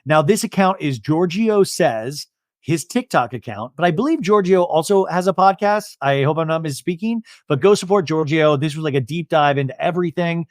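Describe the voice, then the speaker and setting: A man's voice: fairly high pitch, moderate pace, no room sound, clean studio sound. A young adult man hosting a podcast, giving a casual, jokey recap of a TV episode and acting out quotes. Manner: animated, jokey, acts out quotes. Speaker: podcast host.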